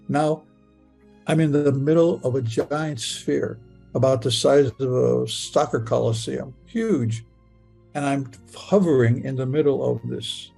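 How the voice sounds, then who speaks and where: Older man, gravelly voice, stammering restarts, personal storytelling, soft music underneath. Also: medium pitch. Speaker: storyteller recounting a near-death experience.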